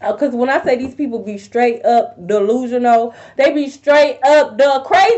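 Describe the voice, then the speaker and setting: A woman giving a casual tarot reading to viewers, blunt and profane, with sudden loud outbursts. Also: high-pitched, normal speed. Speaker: tarot reader.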